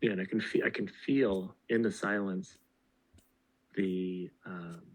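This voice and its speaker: A man in a reflective group discussion, speaking slowly and hesitantly with long pauses mid-sentence. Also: deep voice, fairly even intonation, low-quality recording.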